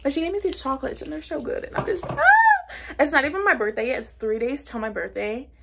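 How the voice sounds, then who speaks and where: A woman's voice: sits high, lively intonation, quick pace, creaky, heavy background noise. A woman in her twenties talking casually at home to her camera, bubbly and chatty, with lots of "like" and "literally". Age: 20s. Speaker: vlogger. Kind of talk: casual chat.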